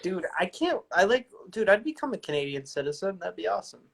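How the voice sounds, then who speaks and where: A man guesting on a live chat, relaxed and enthusiastic. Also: high voice, quick pace, vocal fry, low-quality recording. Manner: enthusiastic, laid-back. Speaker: guest filmmaker. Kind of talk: casual chat.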